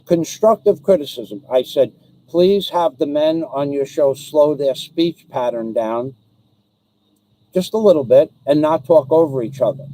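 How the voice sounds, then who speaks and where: A man's voice: fairly high pitch, animated, a little slow, warm tone, poor audio. A man hosting his own live stream, speaking directly to a viewer in an aggrieved, repetitive way, with frequent ums and restarts. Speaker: livestream host.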